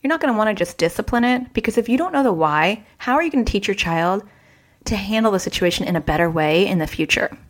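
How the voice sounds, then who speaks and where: A woman who works as a child therapist, hosting a parenting advice podcast in a chatty way and acting out the quoted dialogue with jumps in pitch. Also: animated, fast.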